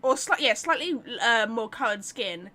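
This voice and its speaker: A woman streamer giving casual, rambling game commentary, excitable and full of fillers. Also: on the high side, normal speed.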